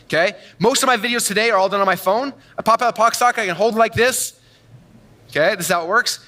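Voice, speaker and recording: A man giving an energetic, boastful keynote talk on stage to a large audience, telling stories with quick asides. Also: high-pitched. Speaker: conference speaker. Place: large event hall on stage.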